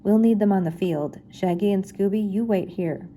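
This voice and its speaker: A woman's voice: medium pitch, moderate pace, dark tone, slight background noise, close to an everyday voice. An older woman reading aloud, giving a confident young man's lines in her own voice. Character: confident young man leading the gang.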